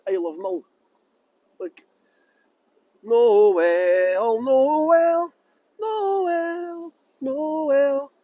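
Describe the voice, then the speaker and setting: Scottish man, high-pitched, jokey live tour guide filmed on a phone, dry close sound. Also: a little mellow, breathy edge, dry recording. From Scotland. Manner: chatty and jokey, greets viewers by name, breaks into song. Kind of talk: casual walking tour commentary. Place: outdoors at a harbour ferry terminal.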